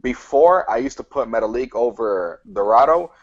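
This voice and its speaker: A man's voice: medium pitch, expressive, normal speed, muffled recording. A man co-hosting a casual wrestling podcast, enthusiastic as he gives his opinions. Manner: enthusiastic, ranks and opines. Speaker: podcast co-host. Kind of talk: casual wrestling review chat.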